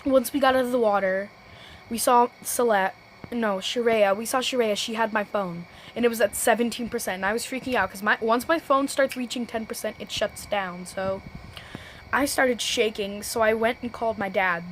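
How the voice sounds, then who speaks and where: A teenage girl telling a storytime vlog, rambling and restarting sentences, often saying "low-key.". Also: normal speed, a little hiss or hum, rough recording. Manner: self-correcting, restarts sentences. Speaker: vlogger.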